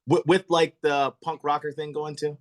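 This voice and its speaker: A man's voice: a little high, little pitch movement, moderate pace. A man hosting a podcast, chatting with a guest in an enthusiastic, effusive, self-deprecating way. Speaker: podcast host. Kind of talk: casual interview chat.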